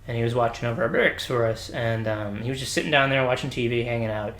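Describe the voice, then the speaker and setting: A man in casual podcast chat, animated and quick to laugh. He voices the people in his stories in sudden high pitches. The room around him rings with echo. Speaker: podcast co-host telling stories. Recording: roomy echo.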